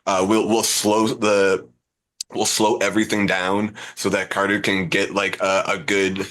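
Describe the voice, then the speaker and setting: A man with a fairly low voice talks as a podcast guest. He explains things in a loose, rambling way and pokes fun at himself. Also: little pitch movement, unhurried, fairly bright tone. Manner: rambling, self-deprecating explaining. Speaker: guest musician. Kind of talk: casual podcast chat.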